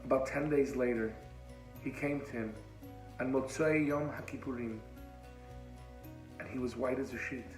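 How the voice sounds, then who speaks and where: A man telling an inspirational story as a sermon, dramatic and dropping to a hush at moving moments, with Hebrew religious terms woven in. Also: mid-range voice, fairly even intonation, normal speed, long pauses, reverberant, faint music behind, rough recording. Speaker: religious speaker.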